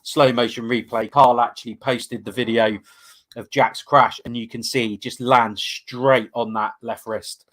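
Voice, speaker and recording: A man's voice: medium pitch, level tone, measured pace, fairly bright tone. A man co-hosting a casual fan podcast, rambling and enthusiastic with lots of fillers. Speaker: podcast co-host.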